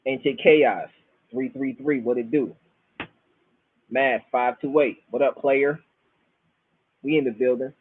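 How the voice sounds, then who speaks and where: Husky laid-back man with Florida accent. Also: medium pitch, fairly even intonation, slow, long pauses. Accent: Southern US, Florida. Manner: profane, laid-back slang, storytelling. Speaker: show host. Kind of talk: rambling casual monologue. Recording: dry, tinny phone-like sound.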